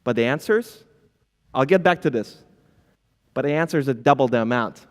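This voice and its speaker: A man's voice: mid-range voice, lively intonation, normal speed. A man giving a conference talk, addressing the audience directly and acting out flustered founders stumbling over filler words. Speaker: conference speaker. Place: conference hall. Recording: long hall reverb.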